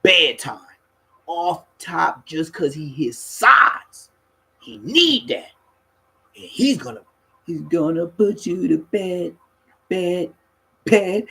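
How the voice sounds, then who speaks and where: Husky-voiced Los man telling stories. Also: high-pitched, slow, long pauses, low-quality recording. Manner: animated, profane, laughs mid-story, acts out other people. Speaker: storyteller. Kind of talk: casual street storytelling.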